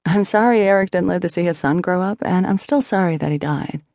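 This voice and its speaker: Woman voicing a wry young widow, slightly gravelly. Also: lowish voice, brisk, a little mellow, dry recording, clean studio sound. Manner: candid, wry, restrained sadness. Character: young widowed mother, former beauty queen, wry. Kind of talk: audiobook character voicing.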